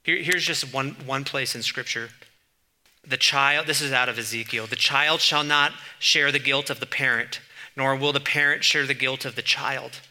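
A man preaching a conversational sermon, reading scripture passages aloud and breaking off into quick, informal asides. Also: mid-range voice, steady tone, sharp tone. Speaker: pastor.

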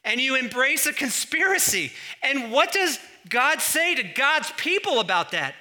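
Bright-voiced animated male preacher. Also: mid-range voice. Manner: animated, emphatic, asks rhetorical questions. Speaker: pastor. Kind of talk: sermon.

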